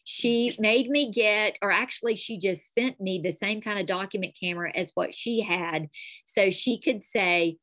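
A woman with a thick North Alabama accent chats as a podcast guest. She tells her stories with animated energy. The recording is close and dry, with no room sound. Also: medium pitch, moderate pace, dry recording. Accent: North Alabama Southern. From North Alabama, USA. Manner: chatty, animated storytelling. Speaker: calligraphy teacher, guest. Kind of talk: casual interview chat.

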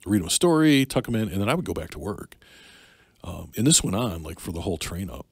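A middle-aged man from Michigan telling a personal story in casual talk, candid and halting, with many fillers and restarts. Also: sits low, lively intonation, husky, no echo. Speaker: podcast guest, Navy and Army veteran.

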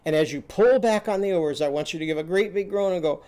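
A man teaching a phonics lesson, telling short stories and quizzing the class with loud, drawn-out vowel sounds. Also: high-pitched. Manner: animated, loud drawn-out vowel shouts and quiz prompts.

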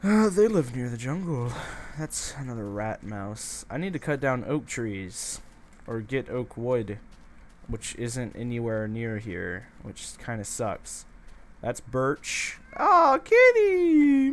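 A man in the middle of his range, narrating a video game in a loose, goofy way. He drawls along unhurried and talks straight to the creatures on screen. A soft hiss sits faintly under his voice. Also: medium pitch, lively intonation. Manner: playful, chatty, talks to the animals he meets. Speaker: gameplay commentator. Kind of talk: casual let's-play commentary.

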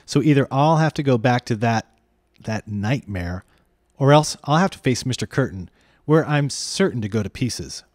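Man doing an anxious boy, pleading, fretful, lively pitch, dry close sound. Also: moderate pace, no room sound, lightly acted. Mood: distraught. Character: anxious frightened young boy.

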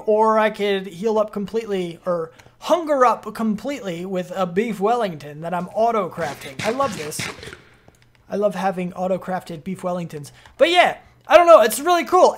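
A young adult streamer giving casual, rambling gameplay commentary, excitable and full of fillers. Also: medium pitch.

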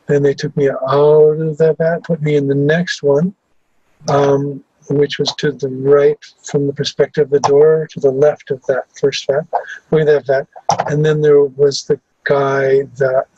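A man giving testimony about his memories, speaking haltingly with many fillers and restarts. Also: a little high, darkish tone, slightly rough, no echo, dull audio. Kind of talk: recounting personal memories in testimony.

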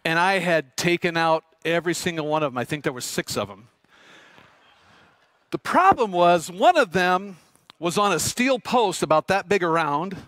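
A middle-aged man preaching a sermon, telling a lively personal story and asking the congregation questions. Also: high-pitched, normal speed, no echo. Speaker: pastor. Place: church sanctuary.

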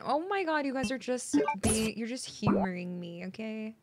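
A young woman from the United States commentates a game in a slow, unhurried way, goofing around and swearing casually. Her voice sits a little high. Loud game music plays behind her. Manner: goofy, swears casually, reads game text aloud. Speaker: streamer.

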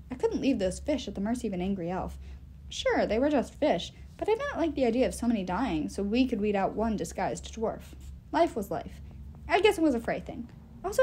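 A woman reads a novel aloud, carrying the first-person narration with lively, swooping pitch. Her voice sits a touch high. A faint noise hangs behind her. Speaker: audiobook reader.

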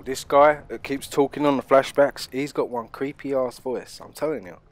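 Brief: male gaming host, loud and profane let's play commentary, mid-range voice, keeps addressing viewers. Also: mid-range voice.

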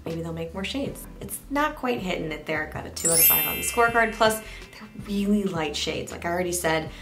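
A young woman talks candidly through a makeup review, chatting straight to her viewers in a casual vlog way. Her voice sits a little low for a woman, and faint music plays behind her. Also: animated, a little fast, creaky. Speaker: beauty reviewer.

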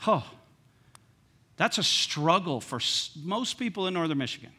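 A man delivers a church sermon as pastor, his voice sitting high for a man and ringing with a bright edge. He talks in a loose, joking, conversational way, dropping to hushed lines and then pressing points with force. The delivery feels like a preacher speaking to his congregation from the front. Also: big pitch swings, normal speed, husky. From United States. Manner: conversational and humorous, swinging between hushed and emphatic. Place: church sanctuary.

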